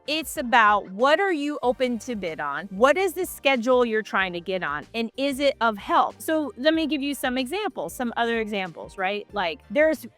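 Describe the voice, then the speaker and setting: A woman coaching on government contracting, talking straight to her viewers in a lively, direct way. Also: fairly high pitch. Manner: animated, direct, talks straight to the audience. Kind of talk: casual advice talk to camera. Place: Miami Beach.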